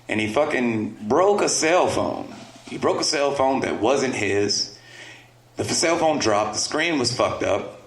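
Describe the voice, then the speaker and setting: A man's voice: medium pitch, fairly bright tone. A man in his thirties doing a crude, conversational stand-up set on a comedy club stage and talking straight to the crowd. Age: 30s. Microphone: stage microphone. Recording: roomy club echo, faint room noise.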